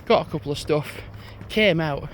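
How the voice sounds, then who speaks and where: A man's voice: on the high side, normal speed, fairly bright tone, a little hiss or hum. A young man, rambling casually to his phone while out on an evening walk uphill. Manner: rambling, chatty monologue. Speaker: vlogger. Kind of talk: casual walking vlog.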